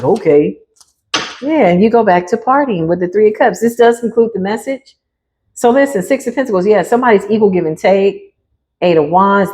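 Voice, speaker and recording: A woman's voice: fairly low pitch, darkish tone. A woman giving a casual, playful tarot reading straight to her viewers, laughing often and talking in slang. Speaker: tarot reader.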